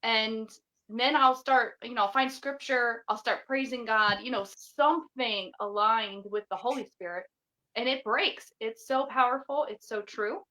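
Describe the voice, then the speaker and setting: Bright, fervent woman interview guest. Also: a little high, a little slow. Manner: fervent, emphatic. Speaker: guest author and podcaster. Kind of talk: casual faith-based interview chat.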